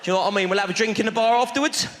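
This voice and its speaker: A man's voice: high-pitched, very fast. A man doing stand-up, bantering cheekily with the crowd from a big theatre stage. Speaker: stand-up comedian. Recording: live theatre recording with long reverb. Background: loud audience laughter and noise.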